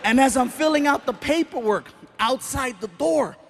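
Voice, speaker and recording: A man's voice: extremely high pitch, moderate pace, creaky. A male stand-up comedian telling stories on stage and acting out the people in them, recorded live with audience noise behind him. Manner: animated, acts out characters in voices. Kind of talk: stand-up storytelling.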